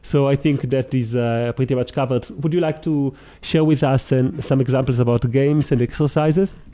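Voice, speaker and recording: A man hosts a Q&A and relays questions from the audience. He speaks hesitantly, with frequent fillers, and his voice is very dark and warm. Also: medium pitch, fairly even intonation, moderate pace. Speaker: co-host reading audience questions.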